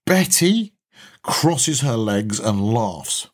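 Husky man narrating wryly. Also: mid-range voice, sing-song, slow pace. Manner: wry, chatty first-person narration. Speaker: storyteller. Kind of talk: reading a comic short story.

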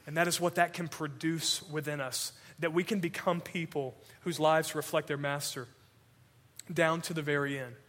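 A man preaching a sermon as pastor, swinging between urgent loud passages and hushed, slow emphasis. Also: a little high, fairly even intonation. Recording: long hall reverb.

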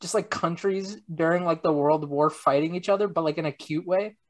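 Young dude hosting a podcast, rambles and trails off a lot, dead dry sound. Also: male voice, on the high side, fairly quick, dry recording. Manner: rambling, hesitant, self-deprecating. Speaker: podcast host. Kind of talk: casual chat.

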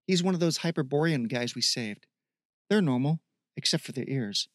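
A man's voice: mid-range voice, animated, moderate pace, no room sound, clean studio sound, lightly acted. A man doing a slangy, joking young guy. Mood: casual. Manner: casual slangy banter. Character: easygoing young man, joking loyal friend.

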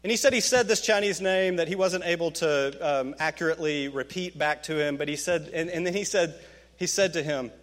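A man preaching a sermon, swinging from hushed, slow lines to emphatic, rising peaks. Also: long reverb tail. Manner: emphatic, rising to fervent peaks, dropping low and slow for quoted words. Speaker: pastor.

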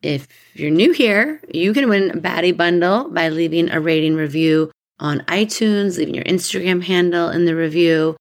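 Low gravelly-voiced woman podcast host. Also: moderate pace, hardly any pauses. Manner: chatty, rambling tangents, laughs often. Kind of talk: casual podcast chat.

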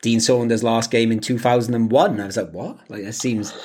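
A man's voice: mid-range voice, fairly even intonation, fairly quick, darkish tone. A man co-hosting a casual podcast, rambling with many fillers and restarts and laughing often. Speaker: podcast co-host. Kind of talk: casual chat.

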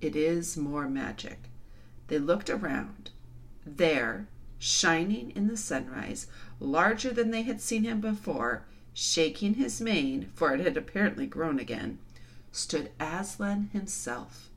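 A woman reading a children's novel aloud in an expressive, dramatic storytelling style. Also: fairly low pitch, slow. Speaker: storybook reader.

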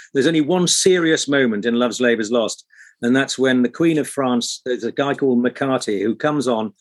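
A man, an actor guest, telling animated anecdotes. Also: medium pitch. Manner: animated storyteller. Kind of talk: casual anecdote.

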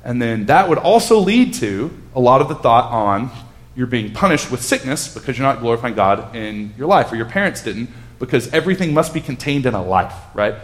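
A man's voice: medium pitch, expressive, brisk. A man leading a casual bible study. He asks the group questions and reads scripture aloud with rising emphasis.

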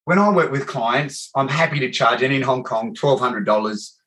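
A man's voice: medium pitch, moderate pace. Chatty Australian man, rambling stories. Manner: animated, rambling storyteller, says "mate" often. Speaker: podcast host. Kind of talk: casual podcast chat.

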